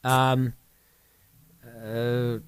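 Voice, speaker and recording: A man co-hosting a casual sports radio show, telling an animated family story and laughing often. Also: medium pitch, extremely slow, smooth, no echo.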